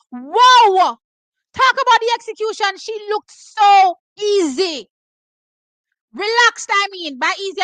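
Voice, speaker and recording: A Jamaican woman hosting a watch party, reacting live to races with loud, excitable exclamations and slipping between patois and English. Her voice is hoarse and giving out. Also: very high voice, no room sound, rough recording. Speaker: track and field watch-party host. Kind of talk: live race reaction commentary.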